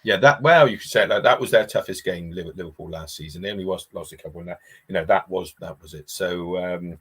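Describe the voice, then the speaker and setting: A man's voice: low-pitched, fairly quick, husky. A man who supports Liverpool, joining a casual football chat and talking in a rambling, hesitant way. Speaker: guest, Liverpool fan.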